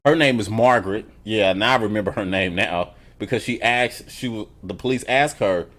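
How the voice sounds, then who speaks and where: Brief: male TV reviewer, profane, animated, casual recap. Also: fairly low pitch, normal speed. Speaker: TV show reviewer.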